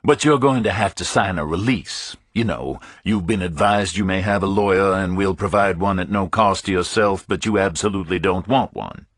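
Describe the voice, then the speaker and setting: Man doing a deep, rumbling, formal chief of detectives. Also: moderate pace, few pauses, breathy edge, dry recording, clean studio sound. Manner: formal, precise and clipped. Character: stubborn, formal male chief of detectives in his forties.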